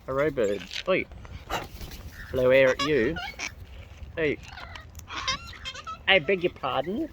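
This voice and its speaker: A woman outdoors chatting playfully to wild birds, her greetings jumping into squeaky high hellos, recorded on a phone. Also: lively intonation, slow pace, long pauses, background noise. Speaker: vlogger feeding wild birds. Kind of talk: casual chat to birds. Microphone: phone camera.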